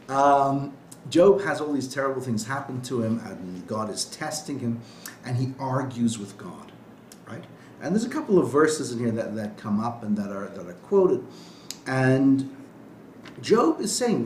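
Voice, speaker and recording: A man's voice: medium pitch, a little mellow, roomy sound, a little hiss or hum. A man, a rabbi, giving an informal classroom lecture in a conversational way, often checking in with "right?". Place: classroom with students.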